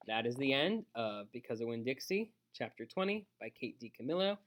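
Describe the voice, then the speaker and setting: Bright, steady male storyteller for children's book read-alouds. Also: medium pitch, brisk, few pauses. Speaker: storyteller on his own channel.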